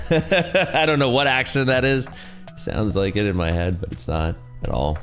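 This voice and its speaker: A man's voice: mid-range voice, moderate pace, fairly bright tone, faint music behind. A man hosting a day-trading livestream, talking casually and rambling through market chatter with lots of "like" and "you know".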